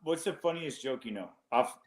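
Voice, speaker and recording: A man's voice: medium pitch, lively intonation, moderate pace, echoey room. A man bantering on a talk radio show, teasing the host and laughing often. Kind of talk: casual banter.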